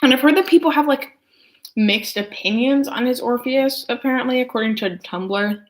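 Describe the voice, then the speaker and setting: This is a young adult woman with a fairly high voice and moderate pace, casually chatting for her vlog while she eats. She rambles along, leaning heavily on filler words.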